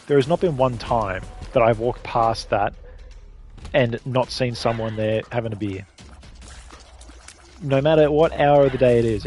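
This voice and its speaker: Streaming a game, an Australian man chats in a casual, rambling way, swearing freely as he wanders between topics. His voice is medium in pitch and a little mellow.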